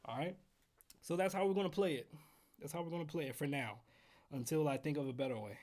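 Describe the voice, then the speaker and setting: A man hosting a casual livestream trumpet lesson from home, counting in exercises and chatting with viewers in a relaxed way. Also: fairly high pitch, fast talker, background noise. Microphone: headphones while streaming.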